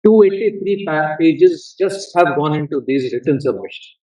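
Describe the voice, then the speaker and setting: Indian english judge guy, dry measured remarks, kinda higher voice, heard from far off in court. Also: lively intonation, darkish tone. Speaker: judge on the bench. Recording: distant courtroom audio.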